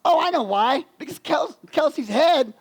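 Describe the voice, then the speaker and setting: A man preaching a lively, folksy sermon as pastor, swinging from loud bursts to quiet, low emphasis. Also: moderate pace, vocal fry.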